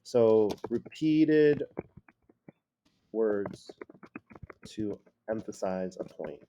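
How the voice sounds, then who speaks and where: A male high school teacher giving a casual classroom lecture, acting out example phrases in different tones. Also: animated, extremely slow, dull audio, noisy background. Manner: casual, acts out quoted phrases with shifting tone.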